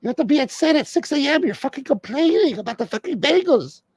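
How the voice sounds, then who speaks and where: Shrill nagging movie-star wife. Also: male voice, sing-song, fast talker, no room sound, poor audio. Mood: nagging, scolding. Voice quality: shrill high falsetto. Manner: whiny, scolding. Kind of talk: comedic impression in a rant.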